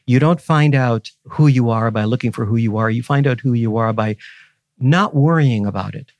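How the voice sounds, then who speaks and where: Gravelly older man, earnest and teacherly. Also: mid-range voice, normal speed, a little mellow, no echo. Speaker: guest scholar. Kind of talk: reflective interview conversation.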